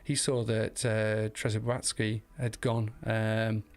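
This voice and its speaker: A man giving live commentary on a virtual cycling race, chatty and talking to viewers in the chat, climbing into excited shouts in the sprints. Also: on the low side, slow, faint music behind.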